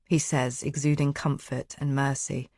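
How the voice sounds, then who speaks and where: Low-voiced woman narrating tensely. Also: little pitch movement, measured pace, a little mellow, dry recording, clean studio sound. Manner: tense, anxious first-person telling. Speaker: audiobook narrator. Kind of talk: first-person audiobook narration.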